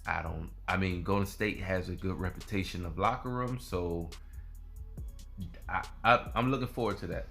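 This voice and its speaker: A man with a lowish voice giving casual commentary on a basketball player. He repeats himself loosely and often ends his points with "man". Soft music plays quietly underneath. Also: steady tone, moderate pace, creaky. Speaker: sports video host.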